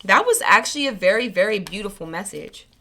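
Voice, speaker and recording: A woman who runs a spiritual reading channel speaks casually and earnestly to her viewers, rambling and correcting herself in a heartfelt monologue. Her mid-range voice is expressive, brisk, bright, and forceful.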